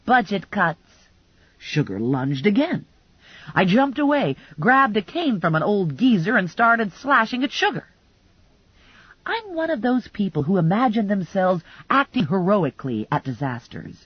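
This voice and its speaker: A woman narrating a first-person crime comedy audiobook in a lively, wry storytelling manner. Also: mid-range voice, moderate pace, breathy edge, no echo, highs cut off.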